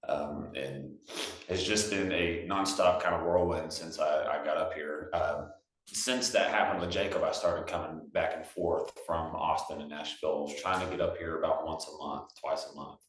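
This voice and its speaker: A young man from Texas, a singer-songwriter guest, telling stories in a relaxed, chatty way with lots of fillers. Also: very deep voice, moderate pace. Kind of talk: casual storytelling. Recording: roomy echo.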